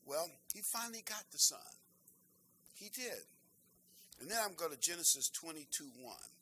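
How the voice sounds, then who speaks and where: An older man preaching a sermon, earnest and emphatic, slowing down to stress key phrases. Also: a little high, big pitch swings, pushed and bright, a little hiss or hum, poor audio.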